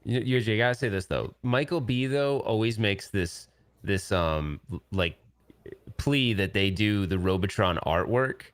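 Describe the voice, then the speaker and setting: A man from Rhode Island, a guest on a casual gaming podcast, talking in an animated storytelling way. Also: fairly low pitch, smooth. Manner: animated storyteller, quick to laugh.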